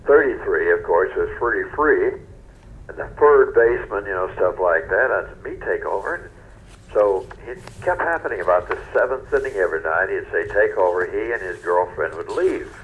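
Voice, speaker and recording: An older man from North Carolina, a retired newscaster telling stories in an interview in a folksy, unhurried way. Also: low-pitched, lively intonation, slight background noise. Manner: folksy, unhurried, trails off softly. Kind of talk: relaxed storytelling interview. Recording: dull lo-fi radio recording.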